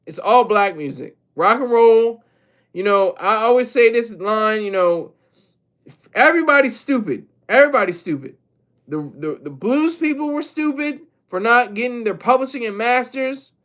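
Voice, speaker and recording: A man's voice: very high voice, expressive, normal speed, a bit bright. A man streaming live, commenting on music and answering his chat in a loose, rambling way, often repeating and correcting himself.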